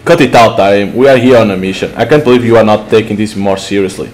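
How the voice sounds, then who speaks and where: Stern no-nonsense young woman, read by a guy, lowish voice. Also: quick pace, darkish tone, close to an everyday voice. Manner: scolding, serious.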